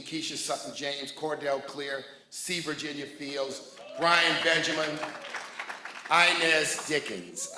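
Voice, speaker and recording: A man with a fairly high, bright, pushed voice delivers a jovial, rousing public speech at a ribbon cutting, thanking and naming dignitaries from a podium. He addresses a crowd in a large room, and the recording carries the echo of the hall along with crowd noise.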